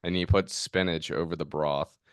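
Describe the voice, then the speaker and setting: A young man with a very low-pitched voice talks in a laid-back way, dropping in short comments and small asides. He sounds close and dry, with no echo around him. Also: steady tone, moderate pace. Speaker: podcast host, the son. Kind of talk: casual family chat.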